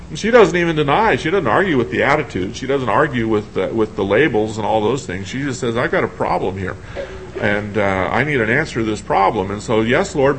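A man's voice: medium pitch, creaky, a bit bright, a little hiss or hum, rough recording. Man preaching a conversational sermon. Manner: conversational, thinking aloud with restarts and questions to the congregation.

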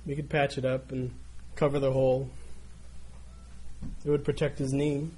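A man's voice: medium pitch, little pitch movement, moderate pace, mellow, slight background noise. A man preaching a sermon, telling a story in an earnest way and building in volume as it goes. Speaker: pastor.

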